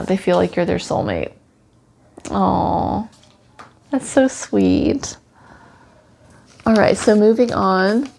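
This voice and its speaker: A woman giving a casual tarot reading for a pet owner, talking softly and soothingly with lots of "you know" fillers. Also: medium pitch, creaky.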